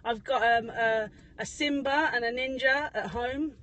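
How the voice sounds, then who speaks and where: A woman plays a cheerful male taxi driver with a ginger beard and a shaky put-on South African accent, rambling to viewers on a phone from his parked car. The voice sits high and keeps repeating its greetings in a giggly, improvised comic tone. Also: a little slow, fairly bright tone, dull audio. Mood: cheery. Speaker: parody livestreamer. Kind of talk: improvised comic livestream parody. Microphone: phone livestream at arm's length.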